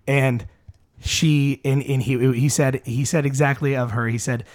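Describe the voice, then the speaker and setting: A man's voice: medium pitch, steady tone, unhurried, darkish tone. A man hosting a casual podcast chat, rambling with lots of fillers and restarts. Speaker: podcast host.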